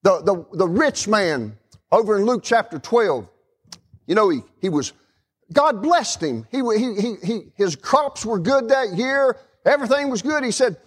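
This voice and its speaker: A middle-aged man preaches in a church with a folksy, animated delivery, often turning to talk to the congregation. His voice sits high for a man and swoops up and down with lively expression. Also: measured pace, husky. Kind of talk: sermon.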